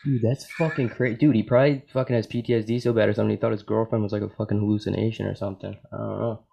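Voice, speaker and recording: A man's voice: lowish voice, flat delivery, very fast, vocal fry, warm tone, husky. A man hosting a podcast in casual chat, swearing constantly and calling people "dude" and "man". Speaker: podcast host.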